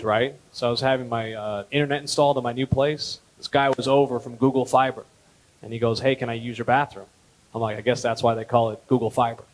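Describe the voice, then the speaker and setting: A man in his thirties doing a stand-up comedy set at a gala, telling stories deadpan and jumping up in pitch on punchlines. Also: low-quality recording. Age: 30s. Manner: deadpan storytelling, with lively jumps in pitch on punchlines. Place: gala event hall.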